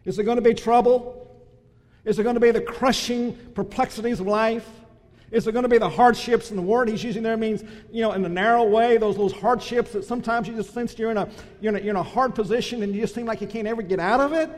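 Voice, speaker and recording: Guy preaching, high voice, loud build-ups then quiet bits, big echoey hall. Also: steady tone, quick pace. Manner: builds to loud emphatic crescendos, then drops soft. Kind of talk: sermon.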